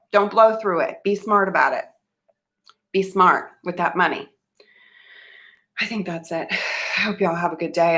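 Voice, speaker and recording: Earnest woman with a bright drawl. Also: low-pitched. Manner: earnest and emphatic, loses her train of thought. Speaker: vlogger giving money advice. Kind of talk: casual talk to camera.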